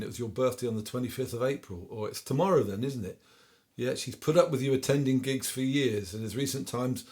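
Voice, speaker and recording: A man with a West Country accent, chatting casually between songs at home and reading out dedications for a request show. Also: mid-range voice. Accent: English West Country. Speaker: singer-songwriter hosting a request show. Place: at home during lockdown. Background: faint guitar.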